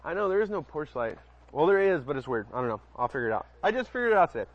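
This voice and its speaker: Speaking very fast and very animatedly in a slightly high voice, a man preaches casually, reading scripture aloud with frequent stumbles and conversational remarks to those listening. The dull lo-fi recording was made outdoors at night by a porch.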